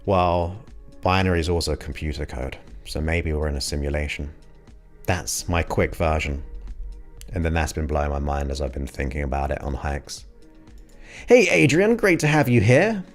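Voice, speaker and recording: An English man with an extremely low voice hosts his show, chatting casually and enthusiastically with viewers on a livestream. His intonation is fairly even and his pace moderate, with soft music in the background.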